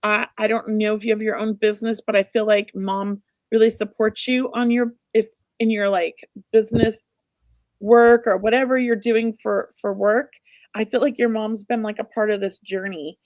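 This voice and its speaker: As a psychic medium co-hosting a show, this middle-aged woman gives casual spirit readings that are emotional, warm-hearted, and rambling. She speaks at a moderate pace in a medium-pitched voice with a flat delivery, recorded in studio quality with no room sound.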